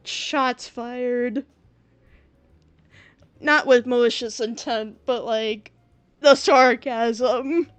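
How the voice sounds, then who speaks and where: A woman's voice: a little high, fairly even intonation, drawn-out words, pauses often, smooth, no echo. A woman streamer reading a story game aloud and reacting with giggles and chatty asides.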